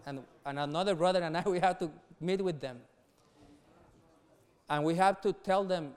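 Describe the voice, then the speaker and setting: A middle-aged man preaching earnestly to young people, laughing softly between points and repeating words as he goes. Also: high-pitched, moderate pace, pauses often, clean tone. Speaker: youth pastor.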